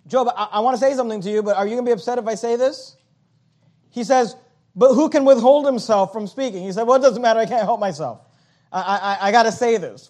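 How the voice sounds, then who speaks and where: A man preaching in a church in a high voice. He teaches verse by verse, often restarting his words with "uh," and he gets louder whenever he reads scripture aloud. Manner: repeats words, frequent uh fillers. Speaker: pastor. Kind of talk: evening sermon.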